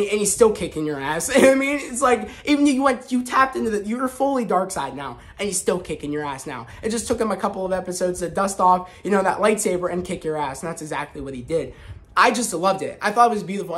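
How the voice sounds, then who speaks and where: A man hosting a casual spoken review vlog, talking in an excited, rambling way with frequent restarts. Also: high-pitched, fast talker. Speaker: host.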